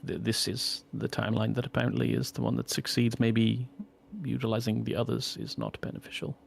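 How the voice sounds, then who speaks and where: A man with a deeply gravelly voice plays his character in a formal, measured way. His pitch sits a little low. A faint noise sits under the recording. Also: expressive. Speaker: player. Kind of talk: in-character role-play.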